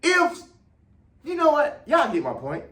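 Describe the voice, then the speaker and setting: A man's voice: very high voice, wildly swooping pitch, measured pace, background noise. A man hosting his own video show, ranting passionately to camera as a runner, repeating his points and stretching out words for emphasis. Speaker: vlog host and runner. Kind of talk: heated opinion rant to camera.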